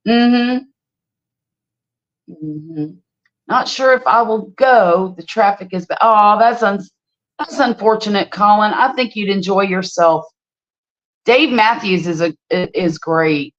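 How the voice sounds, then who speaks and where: A middle-aged woman, hosting a casual livestream and chatting with viewers as an animated storyteller. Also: medium pitch, takes it slowly. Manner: animated storyteller, exclaims freely. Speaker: livestream host. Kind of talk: casual livestream chat, reading viewer comments. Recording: slightly dull lo-fi stream audio.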